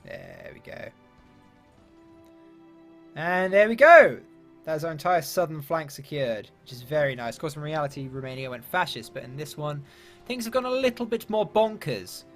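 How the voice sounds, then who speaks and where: Man, let's-play commentator, slightly high voice, faint game music behind, chatty and slangy. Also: sing-song, normal speed, fairly bright tone. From London, England. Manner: chatty, upbeat, British slang and mild swearing. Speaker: gaming YouTuber.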